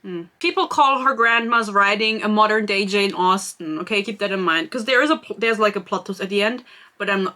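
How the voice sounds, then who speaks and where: A woman's voice: mid-range voice, brisk, sharp tone. A woman from Germany, giving a casual, sarcastic book review full of chatty asides.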